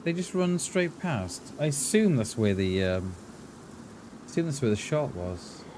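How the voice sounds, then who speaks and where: A man's voice: medium pitch, sing-song, measured pace. A man with a light, washed-out Mid Welsh accent and a mid-range voice talks loosely through a game stream. He drifts between musing on plans and calling out what he sees, and he answers viewers with an easy "mate". A faint hum sits under his voice. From Mid Wales. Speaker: live streamer. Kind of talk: casual gaming commentary.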